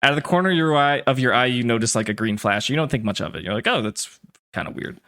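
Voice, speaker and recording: A man's voice: medium pitch, racing, sharp tone. A man narrating as game master of a tabletop game in a loose, laughing way, with many fillers.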